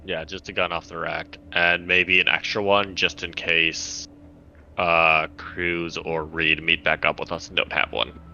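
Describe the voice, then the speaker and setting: A man's voice: deep voice, little pitch movement, measured pace, gravelly, pushed and bright, lo-fi sound, slight background noise. A man playing in a tabletop game, talking plainly about his moves. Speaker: player. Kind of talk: casual tabletop game chat.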